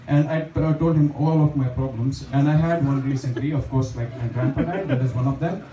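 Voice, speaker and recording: A man's voice: medium pitch, steady tone, brisk, warm tone, a little hiss or hum. A young man doing open mic stand-up in a small bar, chatty and self-deprecating, with lots of fillers. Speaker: stand-up comedian. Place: small bar stage with a live audience. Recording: echoey bar room, distant mic, audience laughter.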